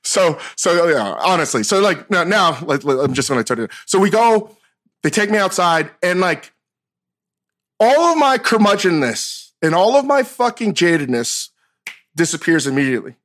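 Middle-aged guy, high voice, rambling animated stories, does loud bits of other people, laughs a lot. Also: moderate pace. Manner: animated storytelling with loud acted-out quotes and frequent laughs. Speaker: podcast host. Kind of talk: casual chat.

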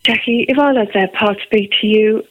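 A woman's voice: medium pitch, normal speed, no room sound, natural voice. A woman quoting a tough former footballer and executive who confesses his fears. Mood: confessional. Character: tough northern English ex-footballer, scared and confessional. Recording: dry phone-like line.

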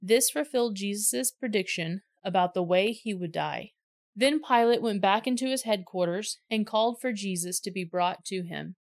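A woman reads a scripture passage aloud. Her voice sits in a middle pitch, and her narration is plain and steady. She keeps the pace even. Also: normal speed. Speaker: scripture reader. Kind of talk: scripture reading.

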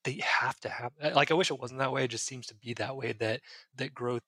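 A man's voice: mid-range voice, fairly even intonation, fast talker, bright, forceful tone, husky, no room sound. A man, a psychiatrist guest on a podcast, earnestly explaining ideas with everyday examples. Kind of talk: casual podcast advice.

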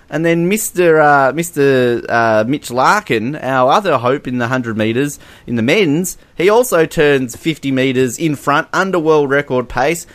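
An Australian man co-hosting a casual sports chat podcast, sarcastic and joking, often mocking other people's voices. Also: mid-range voice. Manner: sarcastic, mocks voices in quotes. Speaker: podcast co-host.

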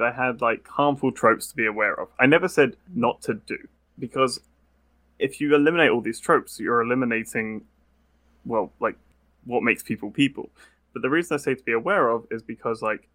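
A young British man in casual podcast chat, talking quickly and acting out quotes as he explains. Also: mid-range voice, no room sound. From Britain. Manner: quick, animated, acts out quotes.

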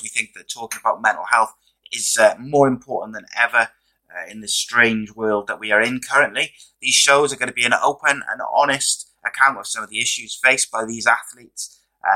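Man, podcast host, bright tone, hoarse, relaxed, chatty, lots of uhs. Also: mid-range voice, poor audio. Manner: relaxed, chatty, many fillers. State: losing his voice. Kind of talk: casual podcast interview.

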